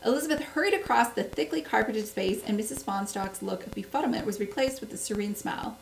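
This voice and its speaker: A woman's voice: fairly high pitch, fast, creaky, echoey room, far from the mic, slight background noise, rough recording. A woman reading a cozy mystery aloud, giving the characters small voice shifts. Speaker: book club host reading aloud.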